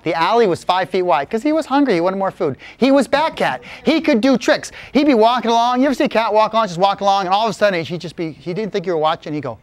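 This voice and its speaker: A man's voice: high voice, fast, few pauses, a little hiss or hum. A man telling a playful tall tale from his childhood to a live audience. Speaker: storyteller. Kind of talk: live spoken storytelling.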